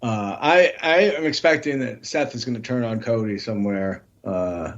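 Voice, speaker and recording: A man's voice: mid-range voice, moderate pace. A man co-hosting a casual wrestling podcast, rambling and restarting his sentences, swearing freely. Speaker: podcast co-host. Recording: dull lo-fi audio.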